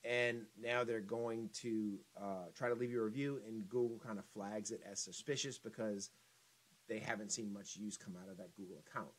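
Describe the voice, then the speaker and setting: A man with a fairly low voice walks viewers through a screen-share tutorial on business reviews. His delivery is relaxed and chatty, full of ums and restarts, like someone talking through the steps as he clicks. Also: normal speed, low-quality recording. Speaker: business marketing instructor.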